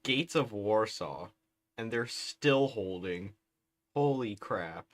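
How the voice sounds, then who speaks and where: A man casually commentates his own strategy game on a live stream, amused and incredulous as events unfold. His voice sits on the low side, and he talks slowly, with frequent chuckles. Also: lively intonation. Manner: bemused, laughs often. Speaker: livestreamer playing a strategy game.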